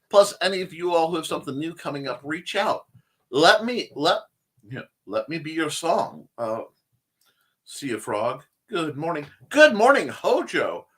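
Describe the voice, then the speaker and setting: A man hosting a relaxed creative talk show on livestream responds to viewer comments in an enthusiastic, rambling manner. His voice sits in the mid range with a fairly bright tone.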